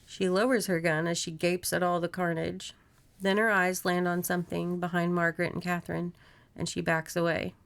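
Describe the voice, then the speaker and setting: A woman podcast host reads a horror novel aloud, her narration steady, plain, and evenly paced, interrupted by friendly asides to her co-host. Her voice is lowish and creaky at a moderate pace.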